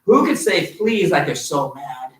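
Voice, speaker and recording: A man who works as a martial arts instructor teaches children good manners in an online class, staying upbeat and encouraging as he leads call-and-response. His slightly high, fairly bright voice is sing-song and measured, picked up at a distance in an echoey hall.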